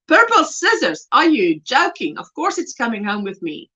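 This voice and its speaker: A woman from South Africa hosting a casual crochet livestream, chatty and animated, gushing over yarn and reading viewer comments aloud. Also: high voice, moderate pace, hardly any pauses. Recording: dull lo-fi livestream audio.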